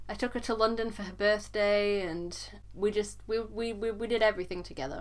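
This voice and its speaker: A young woman vlogger telling a personal story in an earnest, halting way, sometimes repeating words as she struggles to go on. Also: on the low side.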